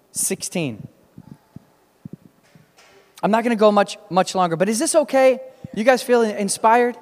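A man preaching a sermon, telling stories in an animated, emphatic way. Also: high voice, in a large hall. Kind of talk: sermon with storytelling.

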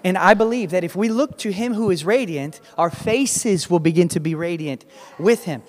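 A man preaching a sermon, telling stories in an animated, emphatic way. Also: high voice, big-room sound. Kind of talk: sermon with storytelling.

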